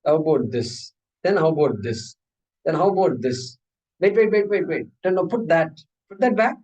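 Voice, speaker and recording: A man's voice: on the high side, expressive, a little mellow, far from the mic, dull audio, natural voice. A man voicing a fussy eye doctor who keeps swapping test lenses. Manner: repetitive, hurried, fussy.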